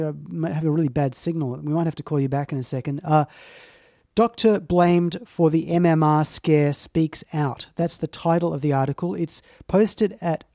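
Mellow man, emphatic host. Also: fairly high pitch, no room sound, studio quality. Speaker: talk show host. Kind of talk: casual commentary chat.

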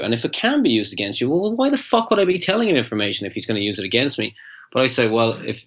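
A man's voice: medium pitch, very animated, very fast, a bit bright. A man, a guest in an interview, telling a long rambling anecdote and acting out the dialogue, with frequent restarts. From Ireland. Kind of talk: interview storytelling.

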